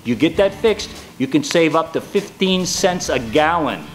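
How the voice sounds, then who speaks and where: A man's voice: fairly high pitch, expressive, a little slow, soft background music. A man playing a folksy, hammy car dealer, delivering a comedic sketch monologue in salesman patter. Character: hammy, folksy male used-car dealer giving tips.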